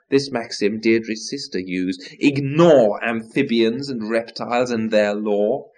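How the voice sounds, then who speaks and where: Man, theatrical verse reciter, mid-pitched voice, dramatic swings in loudness. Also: slow pace, few pauses. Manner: declamatory, swings from loud outbursts to low murmurs.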